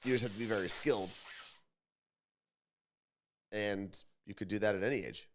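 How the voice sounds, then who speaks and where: A man's voice: lowish voice, moderate pace, slight background noise. A man co-hosting a morning show, chatting casually and with strong opinions, often repeating words as he thinks. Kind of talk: casual radio show banter.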